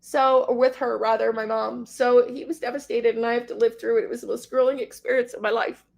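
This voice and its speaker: Tearful middle-aged woman livestream host, rambling to chat, gravelly and a bit high. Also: level tone, fairly quick, darkish tone. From Canada. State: crying. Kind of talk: emotional livestream chat with viewers.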